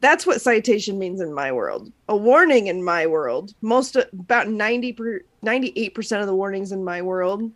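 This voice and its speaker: A woman's voice: mid-range voice, expressive, moderate pace, hardly any pauses. A woman co-hosting a casual podcast, talking in a dry, wry way about her office work. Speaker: podcast co-host. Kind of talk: casual chat.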